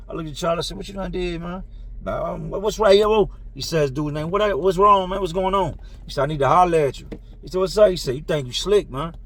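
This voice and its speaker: Man, casual storytelling, acts out voices, slightly high voice. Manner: animated, acts out dialogue with slang. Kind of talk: casual first-person storytelling.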